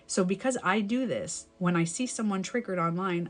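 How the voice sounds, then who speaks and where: A woman's voice: on the low side, moderate pace, few pauses, soft background music. A young adult woman, a life coach, giving advice in a live stream. She talks candidly and emphatically, swears casually and corrects herself mid-sentence as she rambles.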